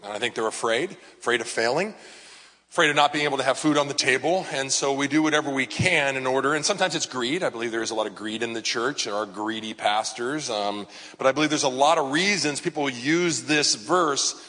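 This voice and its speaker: A man's voice: mid-range voice, fairly quick, bright, forceful tone, in a large hall. A man, a pastor, preaching in a casual, conversational way with frequent fillers and asides. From Southern California. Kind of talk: sermon.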